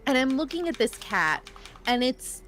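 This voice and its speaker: A woman's voice: high-pitched, very animated, moderate pace, fairly bright tone, faint music behind. A woman who works the front desk at a vet clinic, telling a rambling casual story and raising her voice to quote people. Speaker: guest on stream; veterinary clinic receptionist.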